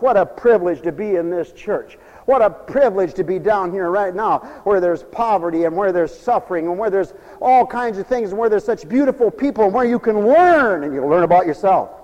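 A male preacher in full flow, his voice pitched high and echoing with a long reverb as if through a church hall. He hammers repeated phrases loudly, then drops to low, confiding murmurs, a sermon taped for radio. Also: moderate pace. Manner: fervent, repetitive, swings from shouts to low murmurs.

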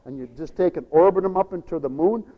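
A man preaching a radio sermon, animated, acting out the whining voices of children as he goes. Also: on the high side, fast, big-room sound, phone-quality sound.

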